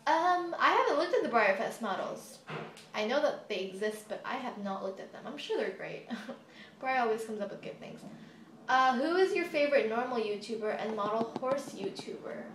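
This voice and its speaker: A young US woman with a model horse YouTube channel rambles happily through a casual Q&A vlog, adding giggly side comments. Her slightly high, bit-bright voice has lively intonation at a moderate pace, captured by a phone propped on a table in an echoey room with faint hiss.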